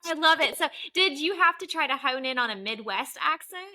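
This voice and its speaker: Upbeat woman host, very bright tone, slightly high. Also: animated, a little fast. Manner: appreciative, upbeat wrap-up. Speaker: podcast host. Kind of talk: casual interview chat.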